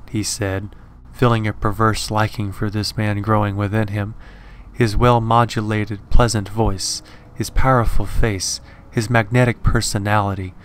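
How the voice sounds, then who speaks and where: Man, low voice, measured horror story narration, faint eerie music behind. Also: little pitch movement. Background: faint horror background music.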